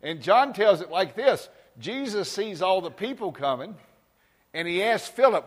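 A man's voice: sits high, very animated, unhurried, slightly rough. A man preaching a folksy sermon, telling stories and asking the crowd for amens. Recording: long reverb in a large hall.

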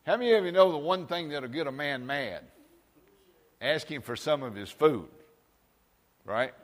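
A man's voice: a little high, animated, moderate pace. A man preaching a folksy sermon, telling stories and asking the crowd for amens. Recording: long reverb in a large hall.

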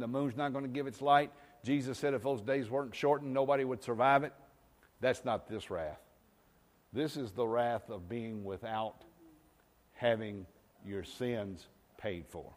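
A man's voice: mid-range voice, long reverb tail. A pastor preaching a sermon to his congregation, emphatic and often asking whether they follow him. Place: church sanctuary.

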